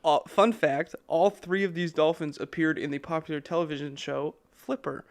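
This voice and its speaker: Laughing lightly and leaning on lots of fillers, a man co-hosting a podcast relaxes into a story during casual chat. He talks at a normal speed in a fairly high voice.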